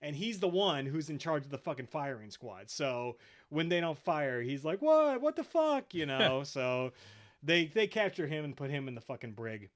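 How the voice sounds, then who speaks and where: A man's voice: mid-range voice, expressive, normal speed, a bit bright. A man hosting a podcast, retelling episodes casually with lots of swearing and quoted voices. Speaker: podcast host. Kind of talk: casual chat.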